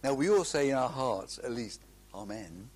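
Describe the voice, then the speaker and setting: Husky man preaching earnestly. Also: medium pitch, expressive, a little mellow. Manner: earnest, emphatic, with slow drawn-out phrases and restarts. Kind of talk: sermon.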